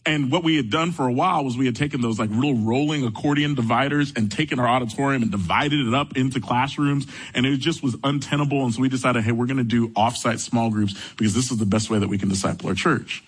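Husky-voiced man preaching a sermon. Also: mid-range voice, fast, few pauses, low-quality recording. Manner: storytelling, animated when retelling his own encounter. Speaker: pastor.

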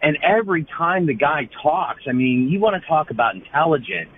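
A man's voice: fairly high pitch, lively intonation, fairly quick. Man calling in by phone. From Pittsburgh area. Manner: rambling, many "you know" fillers. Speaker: caller. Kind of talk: casual call-in talk. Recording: muffled phone line with faint noise.

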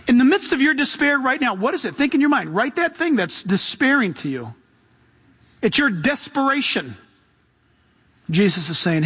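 A man's voice: high-pitched, very animated, moderate pace, fairly bright tone, breathy edge. A middle-aged man preaching a sermon as pastor, enthusiastic and casual, with slangy asides. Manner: enthusiastic, casual slang, voices Jesus in quotes.

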